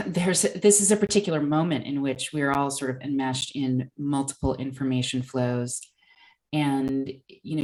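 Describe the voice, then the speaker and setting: A woman's voice: very deep voice, a little mellow, poor audio. A woman interviewer who asks long, appreciative questions in a conversational way.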